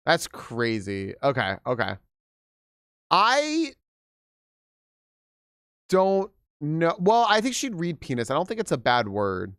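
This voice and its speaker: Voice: medium pitch, huge pitch swings, slow pace, long pauses, fairly bright tone, clean tone, dry recording, studio quality. A young adult live streamer chatting casually with viewers, giggling often, swearing freely and rambling through restarts.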